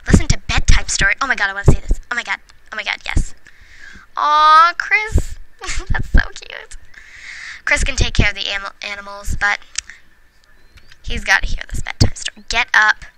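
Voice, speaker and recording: A woman's voice: medium pitch, expressive, moderate pace, pauses often. A woman hosting a let's play, giving casual gameplay commentary in a chatty, giggly way and talking to the game characters. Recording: noisy home recording.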